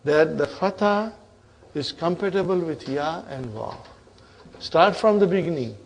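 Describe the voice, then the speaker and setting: A man's voice: fairly high pitch, lively intonation, a little slow, a little hiss or hum. A man teaching grammar in a lesson, drilling verb forms and checking in with "huh?" and "okay?", calling his student brother. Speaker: Arabic teacher.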